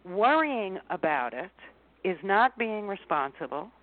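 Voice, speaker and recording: A woman talks as a guest coach over a tinny, phone-like line with a middling pitch. She speaks in an animated way, leaping up in pitch whenever she acts out a panicked inner voice. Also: unhurried, noisy background. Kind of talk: interview conversation.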